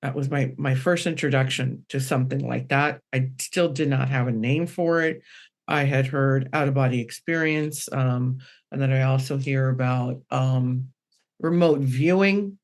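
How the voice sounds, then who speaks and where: A woman medium telling a personal story on a podcast panel, rambling and animated, acting out the quotes. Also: a bass voice, a little slow.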